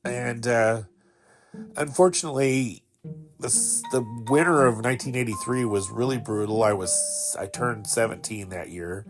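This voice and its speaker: A man's voice: medium pitch, moderate pace, over music. A man in his fifties hosting a podcast, telling a personal story in a rambling, fond way, with many fillers and laughs. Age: 50s. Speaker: podcast host.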